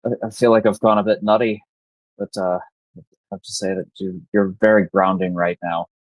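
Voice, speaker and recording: A man playing Renwick, a frazzled, polite adventurer who stammers and rushes his words. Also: sits low, little pitch movement, no echo, low-quality recording. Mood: rattled. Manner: stammering, fast, proper.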